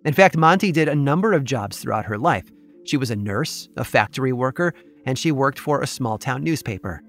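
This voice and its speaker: A man's voice: mid-range voice, lively intonation, brisk, gravelly. Man narrating a curious tale. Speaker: podcast host and narrator. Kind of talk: scripted storytelling narration. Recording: faint music bed behind.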